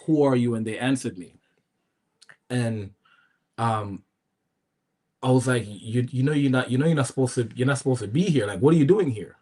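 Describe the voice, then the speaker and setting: A man as a podcast guest, telling a personal story casually, acting out other people's words with jumps in his voice and frequent restarts. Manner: animated, acts out quoted voices with pitch jumps, many restarts.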